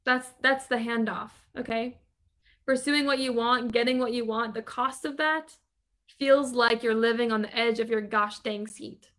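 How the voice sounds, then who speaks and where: High-voiced emphatic motivational woman. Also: fairly even intonation, normal speed, fairly bright tone. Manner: emphatic, repetitive, rhetorical questions. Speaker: podcast host and business coach. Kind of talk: motivational monologue.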